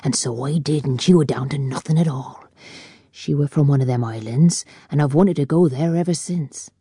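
Woman reader playing a pushy, rough country man, low husky tone, rustic talk. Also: normal speed, dark tone, no room sound, studio quality, exaggerated voice. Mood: wistful. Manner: blunt, rustic country speech. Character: brash rough-spoken working-class man, blunt and pushy.

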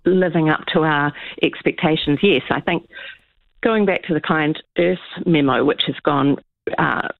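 A woman's voice: sits low, vocal fry, no echo. Earnest woman on a tinny phone line. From New Zealand. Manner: measured, earnest explaining with frequent ums. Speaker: political scientist guest. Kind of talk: radio interview over the phone.

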